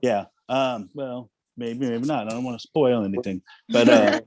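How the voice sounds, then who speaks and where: A man's voice: mid-range voice, normal speed, a little mellow, dry recording. Rambling self-deprecating male actor. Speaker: actor guest. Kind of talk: casual interview chat.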